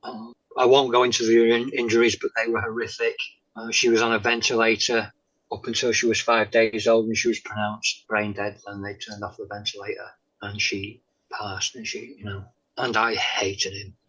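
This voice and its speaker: A man, a guest telling his faith testimony in an interview, halting with many pauses and "um"s and often dropping to a soft tone. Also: on the low side, flat delivery, slightly rough. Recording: dull lo-fi sound.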